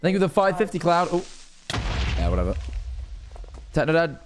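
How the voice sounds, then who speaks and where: A man's voice: on the high side, very animated, brisk, over music. A young man hosting a live stream, chatting in a laid-back way and muttering through numbers as he reads donations. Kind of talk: casual live-stream chat.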